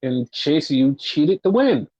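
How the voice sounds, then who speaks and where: A man's voice: on the high side, sing-song, slow pace, a little mellow, no echo. A man co-hosting a podcast, casually recapping wrestling shows and ranting with swearing when annoyed. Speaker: podcast co-host. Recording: dull lo-fi dry recording.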